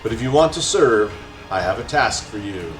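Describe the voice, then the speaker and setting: A man voicing a smug, lazy male serpent alien gang leader in a game, speaking slowly and mockingly. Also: lowish voice, lively intonation, a bit bright. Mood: indolent. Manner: slow, indolent and mocking. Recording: roomy echo, faint music.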